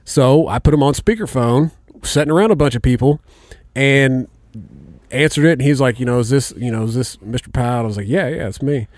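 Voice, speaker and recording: A man telling stories in a casual chat, swearing freely and getting animated as he goes. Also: mid-range voice, a little fast, no room sound, clean studio sound. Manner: profane, animated storyteller.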